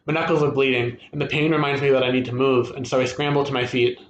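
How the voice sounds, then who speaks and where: A man's voice: mid-range voice, fast, dull audio, slight background noise. Man reading a story in an echoey room. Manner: steady first-person storytelling, expressive at tense moments. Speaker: reader at a literary event. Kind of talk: reading a short story aloud. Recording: echoey room with faint ambience.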